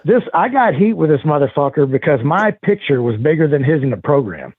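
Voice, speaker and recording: A man's voice: a little high, big pitch swings, a little fast, dry recording. A man telling heated backstage stories in a casual chat, swearing constantly and rambling. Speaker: podcast guest. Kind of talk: casual storytelling. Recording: tinny phone-like sound.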